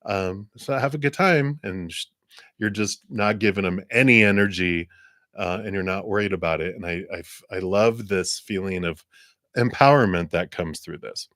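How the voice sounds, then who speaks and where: A man with a very deep voice gives tarot readings on a live stream. He speaks gently and encouragingly, drifting through fillers and restarts. The sound is dry and close, with no room around it. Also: steady tone, moderate pace, dry recording. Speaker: tarot reader.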